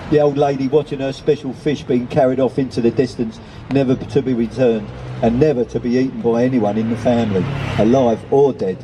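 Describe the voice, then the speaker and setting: A man's voice: mid-range voice, mellow, a little hiss or hum, low-quality recording. A man reading a children's story aloud, with chatty self-deprecating asides to the listeners. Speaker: reader.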